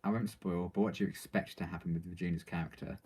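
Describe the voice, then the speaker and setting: A man's voice: deep voice, steady tone, quick pace, darkish tone, husky. A man reading out viewer questions and answering them in casual, rambling live-stream chat, full of ums and likes.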